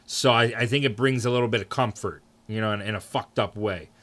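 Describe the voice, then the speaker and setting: A young man streaming, chatting casually with his viewers, swearing freely and jumping into mock outrage. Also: a little fast. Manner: animated, swears freely, answers chat, jumps into high mock outrage. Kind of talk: casual live-stream chat.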